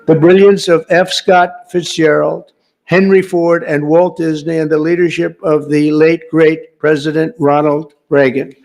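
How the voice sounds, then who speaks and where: A man speaking at an indoor reception in a gravel-edged voice pitched a little above the usual male range. He rambles off script, calling out to guests and teasing them between prepared lines. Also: little pitch movement, a little slow, a little mellow, a little hiss or hum. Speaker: host of a reception, giving a speech. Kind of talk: off-the-cuff speech. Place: large reception room, indoors.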